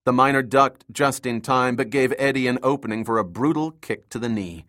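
A man reading a thriller novel aloud as an audiobook narrator, in a steady storytelling manner. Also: medium pitch. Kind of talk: scripted narration.

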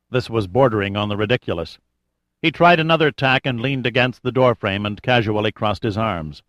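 A man's voice: on the low side, a little fast, a bit bright, no room sound. Male audiobook narrator, dry sound. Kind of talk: scripted narration.

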